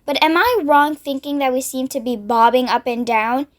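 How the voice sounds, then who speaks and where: A woman's voice: high-pitched, moderate pace, lightly acted. Woman reading as a timid ladybird. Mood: anxious. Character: timid polite female ladybird.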